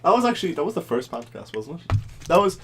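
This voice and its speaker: A young man, co-hosting a podcast in casual chat and teasing his friend with quick banter. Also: a little high, very animated, fairly bright tone, a little hiss or hum. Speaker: podcast co-host.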